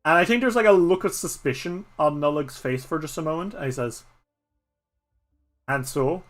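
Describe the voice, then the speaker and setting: A man's voice: a little high, lively intonation, brisk, a bit bright, faint music behind. A man with an Irish accent narrating a solo tabletop game as game master in a rambling way, with many fillers.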